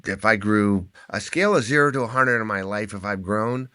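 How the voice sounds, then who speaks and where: A man, an endurance athlete and author, telling animated stories as a podcast guest and often restarting his words. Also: on the low side, brisk, clear, resonant tone, no room sound, clean studio sound. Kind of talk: conversational podcast storytelling.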